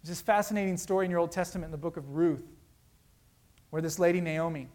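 Earnest preaching man, slightly higher voice. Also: fast talker. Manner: earnest, conversational preaching with swings between loud emphasis and hushed lows. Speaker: pastor. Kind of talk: sermon.

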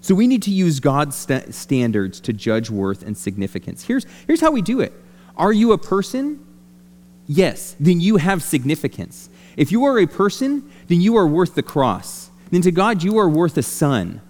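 A man's voice: high-pitched, moderate pace. A man preaching a sermon as a pastor, talking conversationally with lots of restarts. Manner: conversational, animated, many restarts. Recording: long reverb of a hall.

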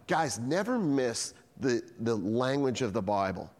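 A man's voice: medium pitch, unhurried, hardly any pauses, in a large hall. A man preaching a sermon, telling stories with lots of energy and acting out the dialogue himself. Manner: animated storytelling, acting out dialogue. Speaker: pastor.

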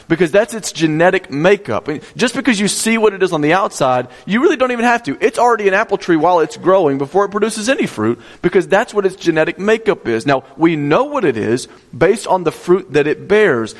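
A man's voice: sits high, in a large hall. A male pastor preaching a sermon, teaching step by step, repeating key points and asking the congregation questions.

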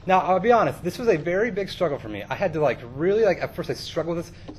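Conversational male preacher with a slightly high voice, self-deprecating and loose, over faint background noise. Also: animated, quick pace. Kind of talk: casual sermon storytelling.

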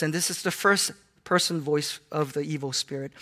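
A man preaching a sermon, swinging between hushed tones and loud, animated exclamations. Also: a little high, moderate pace, hardly any pauses.

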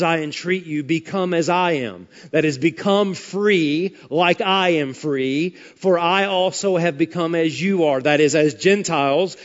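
A man preaching from a church pulpit with a high, ringing voice that drives his points home with fervor. He keeps pressing the congregation with questions and calls for an amen. The recording sounds dull and lo-fi, with a long reverb trailing through the sanctuary. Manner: fiery, emphatic preaching with call-and-response questions. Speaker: pastor. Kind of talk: sermon. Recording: dull lo-fi sermon audio with long hall reverb.

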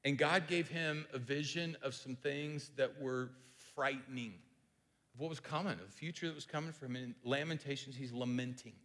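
A man's voice: mid-range voice, moderate pace, a bit bright, long reverb tail. A man preaching a conversational sermon who often repeats himself and restarts phrases. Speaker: pastor.

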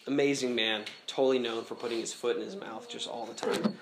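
At a camp meeting hall, a male pastor preaches a sermon in a casual, animated way, laughing often as he goes. His medium-pitched voice holds a steady tone at a slightly quick pace. The echoey hall recording carries heavy background noise.

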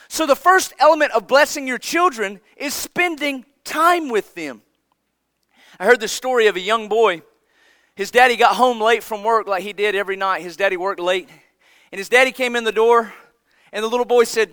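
A man preaching a sermon, earnest and emphatic, often dropping his voice low for effect. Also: normal speed, bright, forceful tone, smooth, no echo. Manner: earnest, emphatic preaching with dramatic drops in volume.

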